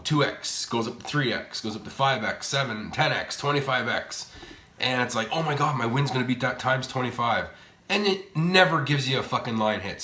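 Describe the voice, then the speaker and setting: A man hosting a slot machine vlog, rambling bluntly and swearing casually as he plays in a casino's high limit room. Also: bright, forceful tone, roomy sound. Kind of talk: casual gambling commentary.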